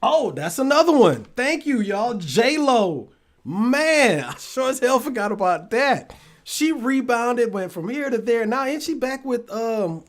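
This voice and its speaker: A man hosting a relationship talk show, chatting loosely with his live audience. He swears freely, laughs often and trails off mid-thought. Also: high voice. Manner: addresses the audience directly. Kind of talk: casual live-stream chat with viewers.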